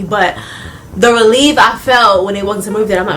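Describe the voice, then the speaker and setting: A young woman telling a casual storytime vlog, animated and laughing often, talking straight to her viewers. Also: medium pitch, fast talker, a little hiss or hum. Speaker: vlogger.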